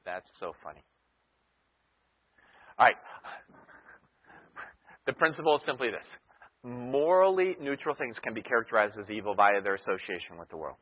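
A man's voice: medium pitch, lively intonation, normal speed, long pauses, husky. A man teaching a sermon as a Bible teacher, asking his listeners rhetorical questions and repeating his key phrases. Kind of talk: expository sermon. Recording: thin phone-like sound with long hall reverb.

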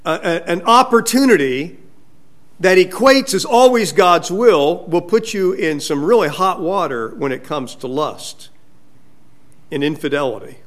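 A man's voice: high-pitched, expressive, a little slow, fairly bright tone. A male pastor preaching a sermon, asking his congregation rhetorical questions.

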